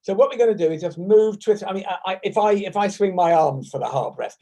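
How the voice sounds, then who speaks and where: A man's voice: high-pitched, quick pace, warm tone, low-quality recording. A man with a British accent leading a laughter yoga session over a video call at his desk, talking in a playful, chatty way and breaking into bursts of laughter. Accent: British English. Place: at a desk at home. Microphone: desk microphone.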